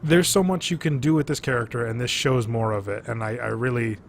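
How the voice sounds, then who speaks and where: A man talks animatedly on a casual podcast recorded over drinks. He swears freely, piles on fillers and keeps a middling pitch. Faint noise sits under his voice. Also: a little fast, gravelly. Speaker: podcast co-host.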